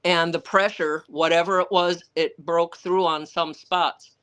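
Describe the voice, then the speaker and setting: Her voice sits fairly low and is smooth, steady and fairly bright, with a slightly slow delivery. On a livestream, this woman author fields viewer questions with blunt, salty, rambling anecdotes and the occasional curse word. When others come up in her stories, she voices their lines herself.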